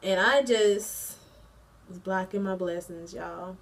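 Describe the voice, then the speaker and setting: A college student in her twenties tells a casual storytime vlog, chatty and animated, packed with slang and fillers and breaking into laughter mid-story. Her mid-range voice moves slowly and sounds far from the mic.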